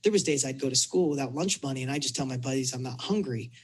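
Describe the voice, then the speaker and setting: A middle-aged man, a coach, telling a personal story in a casual interview, animated and acting out the dialogue. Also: medium pitch, fast, slightly rough. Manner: animated storyteller, acts out dialogue, repeats words. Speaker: business and fitness coach telling his story.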